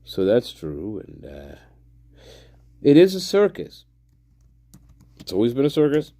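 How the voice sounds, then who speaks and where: A man's voice: mid-range voice, wildly swooping pitch, measured pace, gravelly, mellow, no echo. A man hosting a live video, rambling in a loose monologue, swearing freely and chuckling as he trails off and restarts. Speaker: live stream host.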